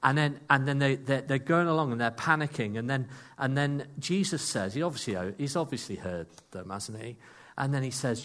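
Animated man preaching a sermon. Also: mid-range voice, moderate pace. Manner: animated storytelling, self-deprecating asides.

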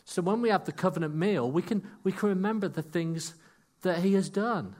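A man preaching a sermon to a congregation, telling stories with lively asides and jokes about himself. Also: sits high, moderate pace. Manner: animated storytelling, self-deprecating asides.

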